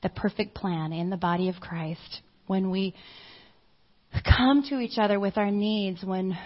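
A middle-aged woman preaching, telling a personal story in an animated way and acting out the people she quotes. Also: medium pitch, measured pace. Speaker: church speaker. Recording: dull lo-fi audio.

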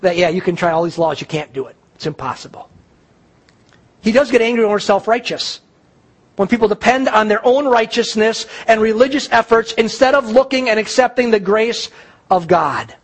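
A male pastor delivering a sermon, preaching emphatically with dramatic pauses and repetition. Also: sits high.

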